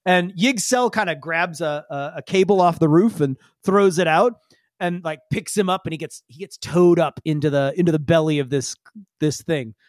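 A man with a slightly high voice runs a tabletop role-playing game as game master, narrating at a moderate pace in a lively way with lots of fillers like "like" and "kinda." The recording is dry, with clean studio sound.

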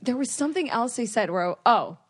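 Woman in her thirties, casual podcast chat, animated storyteller, fairly high voice. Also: brisk, husky, no echo, studio quality. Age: 30s. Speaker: podcast co-host.

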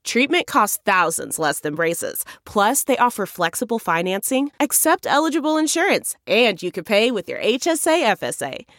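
A woman with a higher, lively voice reads an upbeat commercial script. Her delivery is polished and the recording is dry. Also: normal speed, hardly any pauses, dry recording. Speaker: ad announcer. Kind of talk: scripted ad read.

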